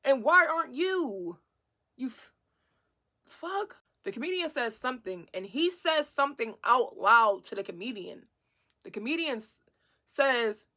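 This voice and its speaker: Young woman with a high bright voice, chatty storytime, swears a lot. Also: a little slow. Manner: animated, swearing, laughs often. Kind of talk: casual storytime chat.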